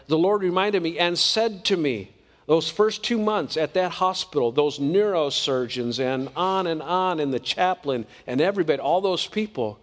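A man's voice: a little high, in a large hall. A man preaching a sermon in an earnest, conversational way, often asking the congregation questions.

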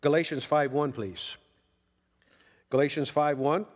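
A man's voice: a little high, unhurried. Folksy male preacher in a reverberant hall. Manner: folksy, emphatic preaching with sudden rises and soft drops. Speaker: pastor. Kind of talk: sermon.

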